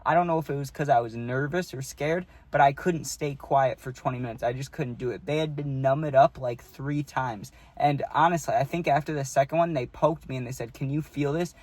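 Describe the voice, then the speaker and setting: A man's voice: medium pitch, fairly quick, hardly any pauses, darkish tone, no room sound. Young man, rambling storyteller, dry close sound, keeps saying "right?". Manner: rambling, peppers lines with "right?" and "dude". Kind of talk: casual storytime.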